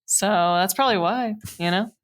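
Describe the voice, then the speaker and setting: A woman comedian, a guest on a podcast, reacting quickly and joking in casual chat. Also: medium pitch.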